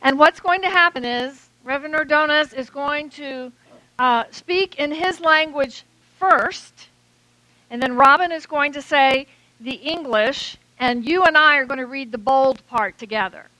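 A woman leading a church service, explaining the order of worship in a clear, instructive way. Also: high-pitched, measured pace, sharp tone, dry recording. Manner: clear, instructive, guiding the congregation. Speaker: worship leader. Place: church sanctuary.

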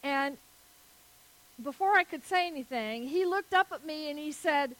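A woman preaching a sermon, telling a story slowly and deliberately. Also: high-pitched, expressive, fairly bright tone, poor audio.

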